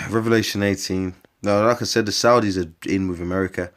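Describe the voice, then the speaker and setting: A man preaching scripture informally, rambling and swearing, addressing listeners as bruv and mate, and slowing down to read long passages. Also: low voice, fairly even intonation.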